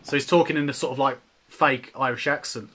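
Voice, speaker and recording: A man's voice: medium pitch, fairly even intonation, a little fast, pushed and bright. A man chatting casually on a voice call, hesitant and full of fillers. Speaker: participant in a voice call. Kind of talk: casual chat.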